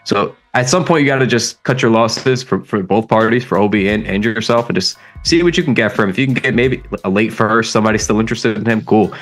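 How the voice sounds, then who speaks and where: Young male podcast co-host, loud, profane, excitable debater. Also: lowish voice, fast talker, few pauses. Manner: animated, ranting, swears often. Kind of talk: heated sports debate.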